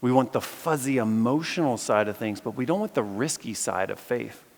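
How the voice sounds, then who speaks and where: Male campus preacher, lively storyteller, medium voice, reverberant auditorium sound. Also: medium pitch, normal speed, vocal fry. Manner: animated storyteller, jokes with audience. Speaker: campus chapel speaker. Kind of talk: sermon. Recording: long reverb of a large hall.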